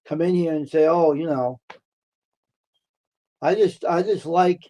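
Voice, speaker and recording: An American man hosts a casual live stream and chats directly with viewers who type in. His voice sits a touch high for a man. He circles back over the same words, turns heated, then eases people down with reassurance. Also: a little slow, mellow. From United States. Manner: talks back to chat, repeats himself, heated then soothing.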